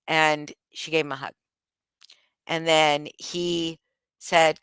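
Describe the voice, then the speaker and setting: A woman with a low, smooth voice talks in a loose, rambling vlog monologue. She is blunt and swears freely, often restarting her sentences. The sound is dry and close, with no room echo. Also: fairly even intonation, a little slow, long pauses, a bit bright. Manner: candid, profane, rambling with many restarts. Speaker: vlogger.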